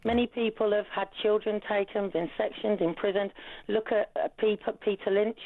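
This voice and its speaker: A woman's voice: medium pitch, steady tone, normal speed, no echo. A woman calling a radio show, rambling and insistent, talking over the host. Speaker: caller. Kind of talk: phone-in call. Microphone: telephone. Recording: tinny phone line.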